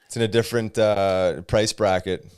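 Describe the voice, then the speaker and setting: An easygoing male podcast co-host who chats loosely and laughs along with the stories. His voice is lowish and smooth, recorded dry and close. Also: fairly even intonation, moderate pace, darkish tone, no echo. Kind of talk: casual chat.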